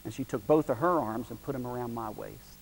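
A middle-aged man preaches in a folksy, animated way, rising to loud points and dropping to near-whispered storytelling. His voice sits at an ordinary pitch for a man. It rings with long reverb in a big hall, over a faint hiss. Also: brisk, creaky. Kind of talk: sermon with storytelling.

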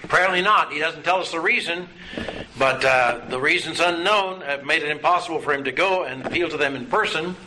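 A man's voice: fairly high pitch, fairly quick. A man teaching a Bible study class, asking his students questions in a patient, folksy way. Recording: noisy room recording.

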